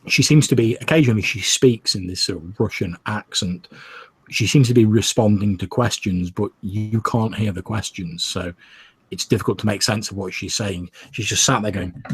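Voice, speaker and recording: A man with a husky, lowish voice narrates a tabletop horror game as game master. He describes scenes in a measured, steady way. His tone stays even as he sets each scene.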